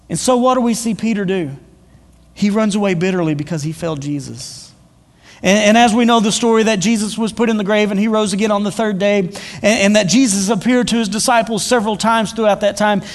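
A male preacher gives a casual storytelling sermon, with a fairly high voice for a man. He talks in loose spoken style, with fillers and repeated words, and long reverb hangs on his voice from a large hall.

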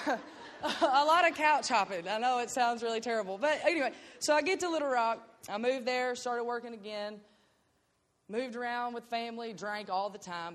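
A young woman giving an earnest, emotional faith testimony. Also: medium pitch. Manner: earnest and emotional, breaks into laughter. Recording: long hall reverb.

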